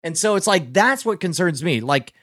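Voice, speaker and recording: A man's voice: sits high, expressive, normal speed, a bit bright, no room sound, studio quality. A man co-hosting a podcast who tells rambling, laugh-filled anecdotes in casual comedic chat. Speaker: podcast co-host.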